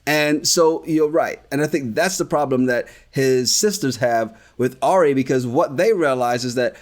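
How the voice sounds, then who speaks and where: A man's voice: mid-range voice, moderate pace. A man from the Caribbean co-hosting a podcast in casual recap chat, blunt and swearing freely. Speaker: podcast co-host.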